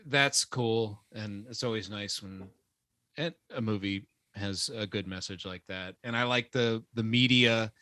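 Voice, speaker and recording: Man, bright clear tone, dry close mic, chatty movie podcast, halting. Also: lowish voice, no room sound. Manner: chatty, laughs easily, halting restarts. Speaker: podcast co-host. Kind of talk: casual movie review chat.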